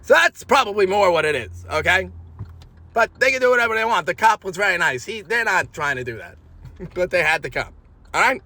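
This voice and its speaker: Agitated, rambling high-voiced man. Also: animated, fairly quick. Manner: agitated, rambling, swings between shouting and low muttering. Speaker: monologue speaker. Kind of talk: rambling spoken monologue.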